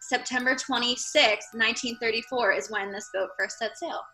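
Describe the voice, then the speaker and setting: Woman podcast host rambling thru a history story, super bright voice. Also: a little high, fairly even intonation, normal speed, faint music behind, poor audio. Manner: chatty, loose, lots of fillers while narrating. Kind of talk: casual chat, telling a history story.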